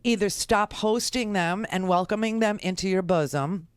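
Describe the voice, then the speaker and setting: Exasperated woman radio host, smooth dry voice. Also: medium pitch, normal speed, dry recording. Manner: indignant, exasperated, many fillers and restarts. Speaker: radio talk show host. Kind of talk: political commentary monologue. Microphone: studio microphone.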